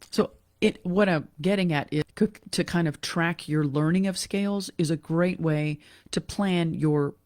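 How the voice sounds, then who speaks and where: A woman giving a casual online piano lesson, talking in a relaxed, chatty way with fillers and self-corrections. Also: lowish voice, unhurried, no echo, studio quality. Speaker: piano teacher. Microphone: computer mic during a screen share.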